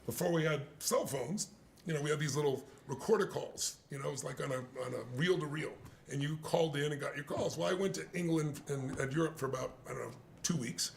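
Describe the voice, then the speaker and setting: An older man tells his stories with a lively, animated energy, often slipping into the voices of people he is quoting. His voice sits a little high and carries a gravelly edge, with a faint hum in the background. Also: brisk. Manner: lively anecdotes, acts out quoted dialogue. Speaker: guest speaker. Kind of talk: animated storytelling in a conversation.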